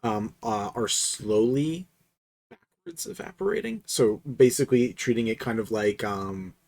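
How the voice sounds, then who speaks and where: A man's voice: lowish voice, measured pace, a little mellow. A man narrating as game master of a tabletop game, laughing often as he describes the action.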